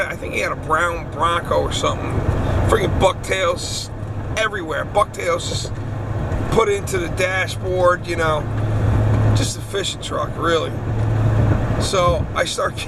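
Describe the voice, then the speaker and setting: A man's voice: high-pitched, a little slow, gravelly, pauses often, distant mic. Rambling fifty-something man telling a story. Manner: rambling, laid-back, with restarts. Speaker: surf fisherman and storyteller. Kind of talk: casual storytelling while driving. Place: inside a car on the road. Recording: loud road noise in a moving car.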